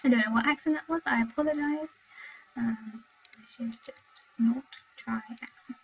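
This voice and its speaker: A young woman from Wales chatting with her viewers while commenting on her gameplay, excitable and talkative, in dull lo-fi home stream audio. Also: a little high, normal speed, a little hiss or hum. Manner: chatty, excitable, exclaims at the game. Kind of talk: live gameplay commentary and chat.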